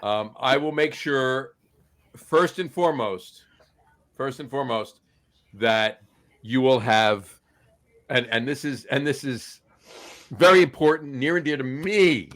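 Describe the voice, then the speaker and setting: A man from New Jersey co-hosting a podcast, playfully delivering a mock campaign speech with stretched pauses. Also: medium pitch, fairly bright tone. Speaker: podcast co-host.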